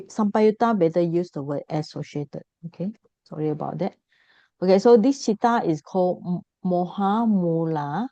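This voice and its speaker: A woman's voice: lowish voice, mellow, no echo, lo-fi sound. A woman teaching a Buddhist class, explaining patiently, repeating key points and correcting herself.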